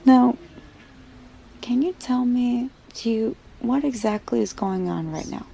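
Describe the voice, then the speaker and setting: A woman doing a gentle, coaxing doctor. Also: a little high, a little slow, creaky, slight background noise, pitched above the performer's own voice, poor audio. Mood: soothing. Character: concerned, gentle doctor, adult.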